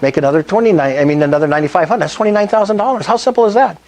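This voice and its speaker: A man's voice: high-pitched, racing, darkish tone. An older man giving an enthusiastic sales presentation at a meetup, often asking the audience questions. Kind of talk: sales presentation to a live group.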